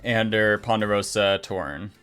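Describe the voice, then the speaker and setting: A man running a tabletop game as game master, narrating in a relaxed, chatty way. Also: fairly low pitch, unhurried, clear, resonant tone, faint music behind.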